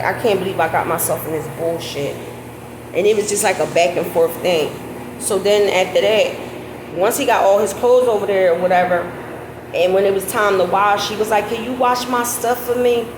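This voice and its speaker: A middle-aged woman telling a story casually, animated and profane, her voice breaking into high laughing squeals. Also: moderate pace. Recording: echoey with loud background noise.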